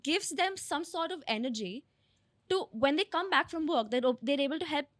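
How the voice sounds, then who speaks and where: Young woman, podcast co-host, earnest and explaining, high voice, dry sound. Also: expressive, moderate pace, dry recording. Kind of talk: casual chat.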